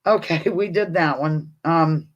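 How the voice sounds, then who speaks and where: A woman's voice: low voice, unhurried, lo-fi sound. A woman hosting a casual live-stream quiz from home, chatting with viewers, reading their comments aloud and talking to her dog. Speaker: livestream host. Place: home, indoors.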